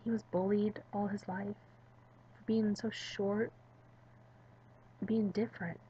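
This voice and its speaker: A woman doing let's play commentary, talking to her viewers and reading the game's text aloud with stumbles and quick self-corrections. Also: mid-range voice, level tone, dark tone, muffled recording, a little hiss or hum. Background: game music.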